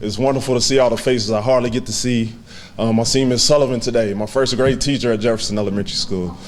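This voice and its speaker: A man in his twenties giving a heartfelt, halting acceptance speech to a banquet audience, with many fillers. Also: mid-range voice, fairly even intonation, slight background noise. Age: 20s. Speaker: hall of fame inductee giving a speech.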